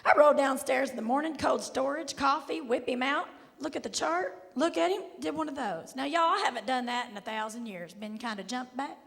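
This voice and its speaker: Sassy southern lady comic, raspy and high, live in a big echoey hall. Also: a little fast, hardly any pauses. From Kentucky. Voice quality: raspy, hoarse-sounding voice all the time. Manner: sassy, drawling, loud bursts to the crowd. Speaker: stand-up comedian. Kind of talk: stand-up comedy set. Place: large theater stage. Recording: live stage with hall echo, faint noise.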